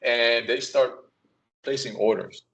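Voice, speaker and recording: A man, a company CEO, telling anecdotes in a casual, animated podcast conversation and acting out voices as he goes. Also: medium pitch, takes it slowly, creaky. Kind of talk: casual storytelling.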